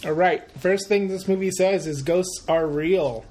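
Low-voiced wry woman podcaster. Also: measured pace, warm tone, slight background noise. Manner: wry, blunt, joking. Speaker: podcast co-host. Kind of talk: casual chat.

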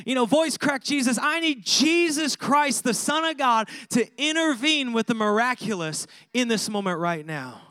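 A male preacher acting out Mary, a devoted mother pleading with her son in an urgent, emphatic rush. The voice sits high and is captured dry and close, with no room sound around it. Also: lively intonation, measured pace, fairly bright tone, smooth, dry recording. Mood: fervent.

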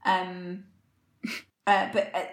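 A woman's voice: fairly low pitch, completely flat delivery, drawn-out words. Chatty woman in a roomy space. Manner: chatty, recaps from her notes with filler words. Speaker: podcast co-host. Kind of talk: casual chat recapping a TV episode.

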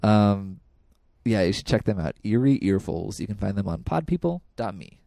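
A man's voice: fairly low pitch, very animated, moderate pace, creaky, warm tone, no echo, studio quality. A man co-hosting a podcast in a casual, playful chat, laughing often. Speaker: podcast co-host.

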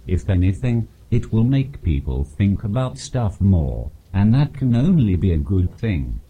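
Text-to-speech posh English man, flat robotic monotone, low and slow, dry deadpan jokes. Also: husky. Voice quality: monotone synthetic voice. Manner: flat, no emphasis, dry punchlines. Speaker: comedian guest. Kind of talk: text-to-speech answers in an interview. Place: live stage at a comedy festival.

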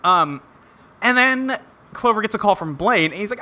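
A man co-hosting a casual podcast who recaps a cartoon episode with animated storytelling. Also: high voice, normal speed. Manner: animated storytelling, laughs often. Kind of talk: casual chat.

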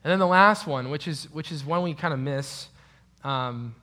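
A man teaching a Bible passage in a relaxed, conversational way, with frequent fillers and restarts. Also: a little high, moderate pace. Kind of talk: casual Bible study teaching.

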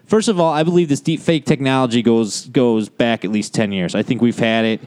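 Casting: male podcast co-host, smooth clear voice, dry sound, profane ranter. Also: medium pitch, darkish tone, dry recording. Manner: ranting, swears a lot, drawn-out emphasis. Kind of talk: casual profane chat.

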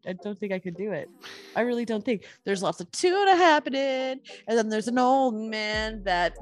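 A woman in a casual chat, playful and self-doubting, quick to laugh at herself. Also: fairly high pitch.

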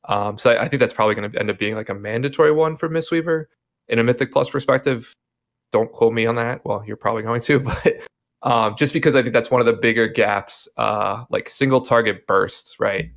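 A man's voice: medium pitch, a little fast, gravelly, a bit bright. A man in casual chat, rambling along with many fillers and hedges.

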